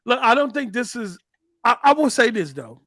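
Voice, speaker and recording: Animated high-voiced man talking games. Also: no echo, clean studio sound. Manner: animated, rapid, repeats words when excited. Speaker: podcast host. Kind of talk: casual gaming chat.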